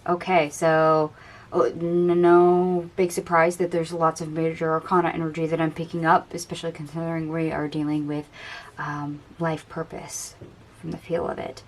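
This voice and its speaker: Low-voiced woman reading tarot cards. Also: completely flat delivery, normal speed, slight background noise. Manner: chatty and dreamy, musing aloud over the cards. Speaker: tarot reader. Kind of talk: casual tarot card reading.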